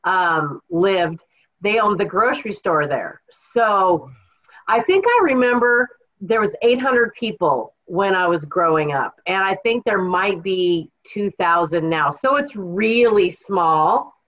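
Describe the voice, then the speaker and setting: A woman's voice: medium pitch, expressive, takes it slowly, dull audio. A woman from Washington State's Kittitas Valley, a podcast guest and author, telling her story in an earnest, reflective way. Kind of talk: conversational podcast interview.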